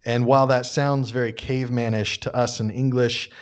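A man's voice: medium pitch, level tone, moderate pace. Man explaining phrases in casual podcast chat. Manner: friendly explaining, self-mocking jokes. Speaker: podcast co-host teaching Chinese.

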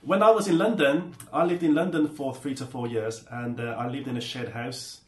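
A man's voice: medium pitch, fairly even intonation, moderate pace. Rambling male guest telling anecdotes. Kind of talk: casual chat. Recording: echoey room.

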